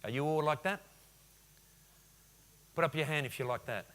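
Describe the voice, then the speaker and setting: A man in his forties giving a lively business keynote at a conference, often firing questions at the audience. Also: fairly high pitch, moderate pace. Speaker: conference speaker. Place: conference hall.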